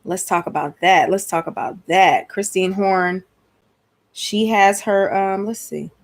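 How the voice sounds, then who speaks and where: A woman's voice: mid-range voice, a little slow. Chatty woman with a Georgia accent. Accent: Georgia, US South. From Atlanta, USA. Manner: chatty, lively, slangy, exclamatory. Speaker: host. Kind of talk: casual live-stream chat.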